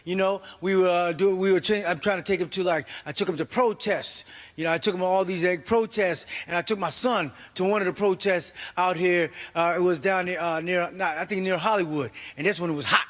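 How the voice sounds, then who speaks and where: A middle-aged man from New York doing a stand-up comedy set, animated and acting out his family in voices. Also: high-pitched, fairly quick, in a large hall.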